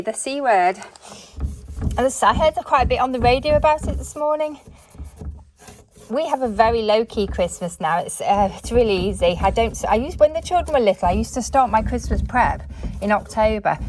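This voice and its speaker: A woman's voice: on the high side, darkish tone, slight background noise. Homely middle-aged woman chatting while cleaning. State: slightly out of breath from working. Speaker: cleaning vlogger. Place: bedroom at home, indoors.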